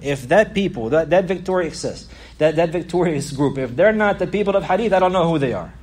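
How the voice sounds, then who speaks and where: A man delivers a religious lesson at a brisk, rapid clip. His voice is slightly high and husky. He often repeats and restarts phrases as he explains a classical text. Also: animated, darkish tone. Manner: quick, repeats and restarts phrases, reads Arabic passages fast. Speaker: teacher.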